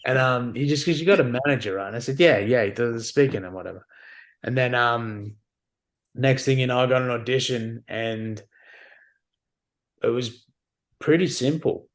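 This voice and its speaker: A man's voice: mid-range voice, normal speed, pauses often. A man, a podcast guest, telling stories casually and animatedly, swearing and acting out the dialogue. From Australia. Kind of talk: casual storytelling.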